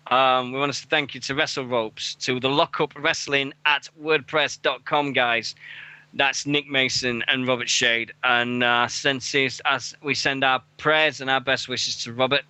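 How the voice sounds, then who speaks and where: A British man on a headset mic, hosting a casual wrestling radio show, rambling, swearing and laughing between shout-outs. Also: medium pitch, steady tone, unhurried, clear, resonant tone, no echo.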